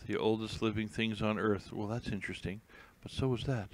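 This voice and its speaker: A man's voice: on the low side, fairly even intonation, brisk, hardly any pauses, dry recording. A man hosting a casual live stream, reading headlines aloud with rambling, jokey, self-mocking asides.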